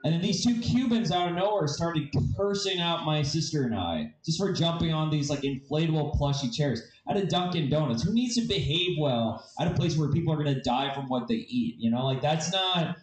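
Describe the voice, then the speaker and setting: A man's voice: a little high, expressive, normal speed, roomy sound, low-quality recording. A man doing stand-up comedy, telling rambling, profane, self-mocking stories.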